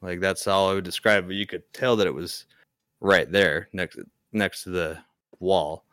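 A young man on a podcast stumbles through a casual ghost story, hesitant and rambling, restarting again and again. He speaks a little slowly in a low, steady, sharp voice, captured in clean studio sound with no room sound.

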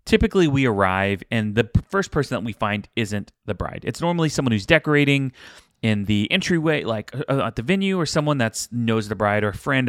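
A young man co-hosting a casual chat, giving easygoing advice in a relaxed way. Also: on the low side, no room sound, clean studio sound. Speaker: podcast co-host, wedding vendor.

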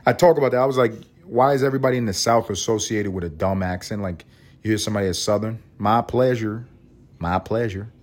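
A man's voice: fairly low pitch, steady tone, fast, darkish tone. Rambling, profane New man. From Harlem, New York. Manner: rambling, profane and joking, with frequent restarts. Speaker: podcast host. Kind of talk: casual solo podcast monologue.

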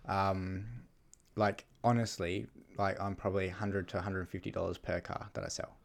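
Low gravelly laid-back young man. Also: level tone, moderate pace. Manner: laid-back, hesitant, casual swearing. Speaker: podcast guest, car salesman. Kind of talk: casual chat.

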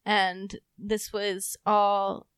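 A woman's voice: medium pitch, level tone, drawn-out words, fairly bright tone, clear, resonant tone, no echo. A woman co-hosting a casual chat, speaking bluntly and dropping the odd curse. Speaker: podcast host.

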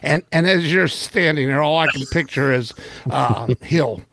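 A man's voice: on the high side, a little slow, gravelly, a bit bright, slight background noise. A man co-hosting a podcast who chats casually and asks easygoing questions. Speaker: podcast co-host. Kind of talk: casual chat.

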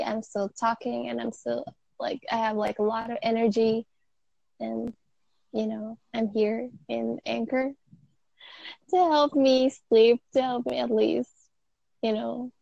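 A woman in her twenties from the Philippines, a podcast guest talking in a hesitant, soft-spoken way late at night while unable to sleep. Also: on the high side, level tone, a little slow, vocal fry, dry recording. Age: 20s. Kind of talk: casual podcast chat. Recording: dry, dull lo-fi call audio.

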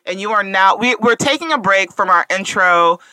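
A woman's voice: mid-range voice, expressive, normal speed, sharp tone, no room sound, low-quality recording. A woman co-hosting a podcast in casual chat, playful and teasing, laughing often. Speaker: podcast co-host.

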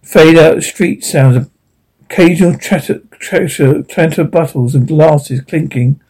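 A man reading aloud the stage directions of an old radio drama script in a flat, matter-of-fact way. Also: fairly high pitch, measured pace, slightly rough, low-quality recording. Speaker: script reader.

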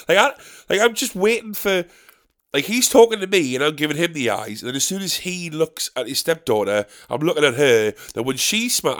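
Here a male stand-up comedian who also hosts pub quizzes speaks in a high, slightly bright voice. His casual storytelling monologue comes out as an exasperated rant, full of free swearing.

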